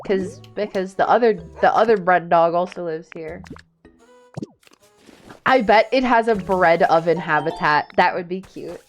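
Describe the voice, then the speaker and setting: A woman streaming a game live, chatting casually, excitable and a little shy in her asides. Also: fairly low pitch, unhurried, soft background music.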